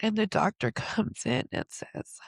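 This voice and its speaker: A woman hosting a podcast, recounting something painful in a slow, confessional way. Her voice is strongly gravelly with fry and sits fairly high, rising and falling widely as she speaks. The sound is dry and close. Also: expressive, dry recording. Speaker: podcast host. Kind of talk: reflective personal storytelling.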